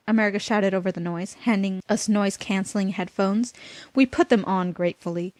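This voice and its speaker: A woman's voice: medium pitch, brisk, a little mellow, dry recording. A woman reading a comic fan fiction aloud, mocking it and stopping to comment. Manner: mocking, breaks off to laugh and comment.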